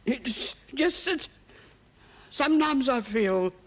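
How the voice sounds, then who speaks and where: An actress playing a strict middle-aged cook in a great house, speaking in a husky, halting voice. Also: female voice, sits high, lively intonation, full character voice. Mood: grieving. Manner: defensive then grieving, broken speech. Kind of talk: period television drama.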